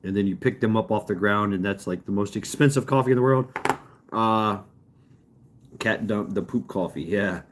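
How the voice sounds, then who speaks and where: A man hosting a livestream chats casually and rambles with his live viewers, chuckling often, while fireworks pop outside. His voice is fairly low at a normal speed, with slight background noise.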